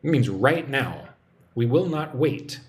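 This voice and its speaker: A man giving a live-streamed English lesson, relaxed and chatty as he reads out viewer comments. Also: medium pitch, slow. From United States. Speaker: English teacher.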